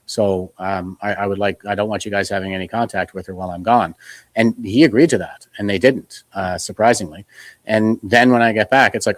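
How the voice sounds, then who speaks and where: Earnest guy from canada, kinda low voice, dry close sound, lots of restarts as he tells it. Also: brisk, dry recording. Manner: earnest, retells conversations, many restarts. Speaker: guest. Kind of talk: casual interview talk.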